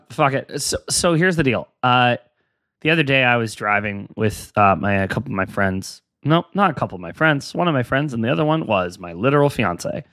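A man's voice: mid-range voice, fairly bright tone, no room sound, clean studio sound. A young adult man hosting a casual solo podcast, rambling and self-deprecating while he encourages his listeners. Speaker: podcast host.

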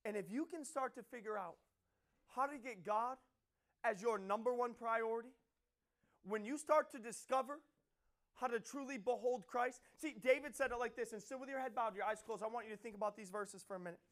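A man preaching a sermon with passion, repeating phrases and building to loud emphatic peaks. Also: very high-pitched, a little fast.

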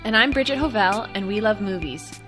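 A woman co-hosting a film podcast in casual chat, chatty and joking with quick asides. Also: mid-range voice, lively intonation, over music. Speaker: podcast co-host.

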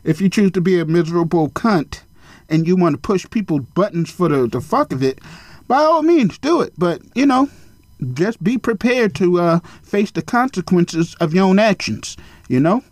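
Man, podcast host, high voice, blunt and profane, rambling solo talk, dry close sound. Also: expressive, moderate pace, darkish tone, no echo. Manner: mocking high-pitched impressions of others. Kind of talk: casual solo podcast monologue.

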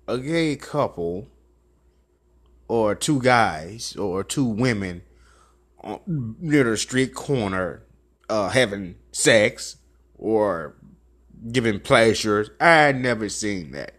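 A man with a Memphis Southern accent talks slowly through a rambling, profane monologue, as a talk show host would. His pitch swings widely, rising high for the bits he acts out. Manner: rambling, animated storytelling with profanity and laughs. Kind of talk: casual monologue.

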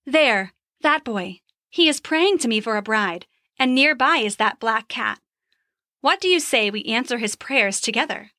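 A woman voicing a calm, sly goddess of love in a storybook podcast, speaking smoothly with a near purr. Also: fairly high pitch, unhurried, dry recording, clean studio sound. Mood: scheming. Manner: calm, purring.

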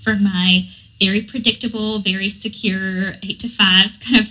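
A woman's voice: medium pitch, moderate pace, low-quality recording. A woman with a Southern American accent, a guest dietitian speaking earnestly in a casual interview, with lots of fillers. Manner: earnest, animated storytelling with many fillers. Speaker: guest, dietitian and recovery coach.

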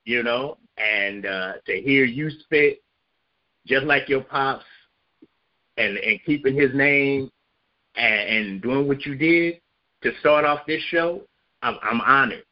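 A man's voice: mid-range voice, takes it slowly. A male co-host of an online radio show, talking in an earnest, emotional way. He often stammers and repeats himself. His voice has a dull, lo-fi sound. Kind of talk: casual chat.

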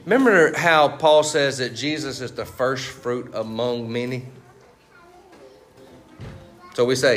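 With faint music in the background, a pastor preaches at an unhurried pace, leaving long pauses. His voice sits mid-range with a fairly bright tone. He keeps it conversational, posing fill-in questions to the congregation and adding "right?" and "you see what I'm saying?" after his points.

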